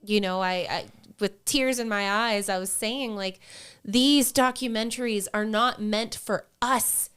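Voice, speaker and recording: A woman co-hosting a podcast, talking in a chatty, expressive way into a close mic. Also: medium pitch, a little slow, clean tone. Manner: chatty and expressive, drops into whispers as a joke. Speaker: podcast co-host. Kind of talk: casual conversation. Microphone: close studio mic.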